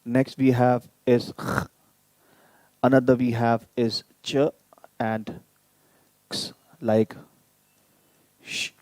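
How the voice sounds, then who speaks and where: A man teaching German in a live online lesson, repeating each sound slowly so viewers can copy it and inviting them to type in questions. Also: medium pitch, no room sound. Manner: addresses viewers directly, inviting typed questions.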